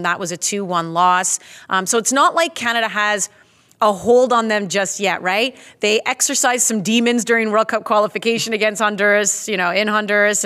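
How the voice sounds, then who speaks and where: A woman's voice: mid-range voice, bright, forceful tone. Woman hosting a soccer chat. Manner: conversational, asks questions, says "right?" often. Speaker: host. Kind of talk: casual sports chat.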